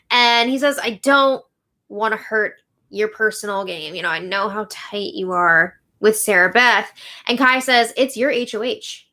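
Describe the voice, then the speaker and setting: A young woman hosting a casual recap, chatty and quick to retell what others said. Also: a little high, pushed and bright. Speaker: show update host. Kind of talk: casual recap of a reality show.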